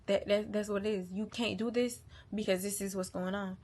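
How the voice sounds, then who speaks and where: A young mother vents candidly on her channel, speaking bluntly to the camera in a casual monologue. Her mid-range, darkish voice moves fairly quickly with fairly even intonation and few pauses. She swears often and repeats lines for emphasis.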